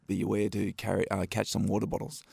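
A man's voice: fairly low pitch, completely flat delivery, fast, gravelly, a little mellow, husky, no room sound. A man with an Australian accent, a stuntman guest telling rambling anecdotes in a casual interview. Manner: laid-back, rambling anecdotes with many fillers.

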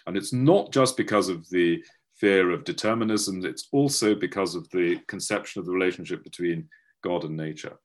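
A man giving an academic webinar lecture, halting with many fillers and restarts, over a video call. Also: low-pitched. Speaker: guest lecturer.

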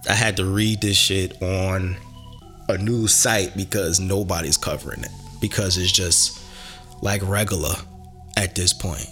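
Rambling, animated man in casual chat. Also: deep voice, a little slow, faint music behind.

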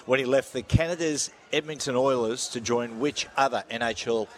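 A man's voice: mid-range voice, moderate pace. An Australian man hosting an on-air quiz with jokey, theatrical game-show patter. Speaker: quiz host on a radio show. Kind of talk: casual on-air radio banter.

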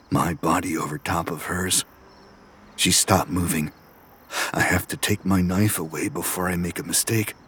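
An actor playing a delusional young male killer, narrating his hushed, obsessive inner monologue in an audio drama. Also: deep voice. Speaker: first-person narrator.

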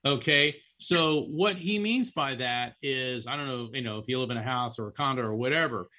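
A man who is a psychic medium, giving animated, chatty readings on a call-in show and often repeating names as he goes. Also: mid-range voice, normal speed.

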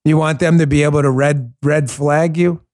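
A man's voice: on the high side, fairly even intonation, moderate pace, a little mellow. A man hosting a political talk show, speaking in an impassioned, emphatic way and repeating words for stress. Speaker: podcast host.

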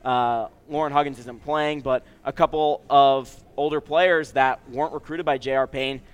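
A man's voice: mid-range voice, a bit bright, smooth. A man co-hosting a casual sports podcast, loose and joking, with lots of fillers. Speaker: podcast co-host.

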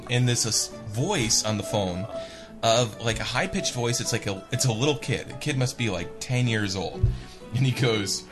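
Animated male host telling a funny story. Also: mid-range voice. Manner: animated, laughing as he tells. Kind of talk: comic storytelling.

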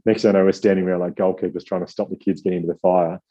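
A man telling a rambling, self-deprecating story as an author guest, quoting people in lively voices. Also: low voice, very fast, breathy edge, highs cut off. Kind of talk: casual storytelling.

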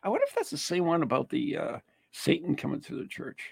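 A man from the United States hosting a casual chat, reading an article aloud haltingly with asides and laughter. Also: on the high side, wildly swooping pitch, creaky, a little mellow, slightly rough. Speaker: host.

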